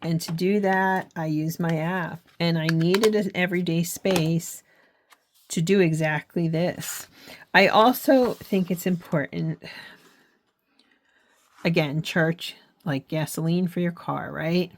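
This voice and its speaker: Slow-talking middle-aged woman, earnest. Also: fairly low pitch. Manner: earnest, frank, halting with frequent restarts. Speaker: faith and journaling channel host. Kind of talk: casual talk to camera.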